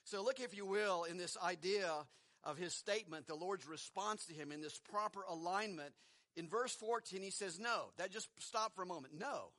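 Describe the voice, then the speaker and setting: Preacher, male, middle-aged: high, bright voice, dry close sound, chatty sermon delivery. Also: moderate pace, no echo. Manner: conversational, rhetorical questions, chuckles between points.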